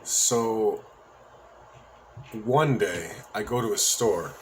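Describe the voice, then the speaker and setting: A man's voice: fairly low pitch, very slow, a little hiss or hum. A man telling a story from his own life in a casual, rambling monologue, with profanity and joking asides.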